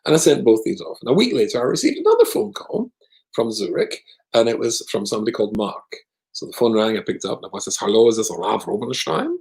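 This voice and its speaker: Man with a gravelly, lively voice. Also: medium pitch, fast talker, low-quality recording. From Scotland. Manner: wry, self-deprecating, jokey. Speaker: rabbi, guest speaker. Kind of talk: humorous anecdotal storytelling.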